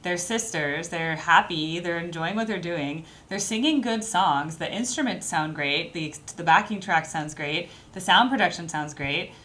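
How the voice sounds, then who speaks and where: A woman's voice: fairly low pitch, unhurried, hardly any pauses, sharp tone. A woman hosting a music reaction video, casually explaining vocal technique as she watches. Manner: explains vocal technique and mixes in brief sung demonstrations.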